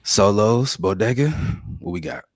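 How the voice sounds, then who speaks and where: A man's voice: lowish voice, unhurried, no room sound, clean studio sound. An American man hosting a casual podcast, laid-back as he welcomes the crew and reads the show plugs. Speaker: podcast host.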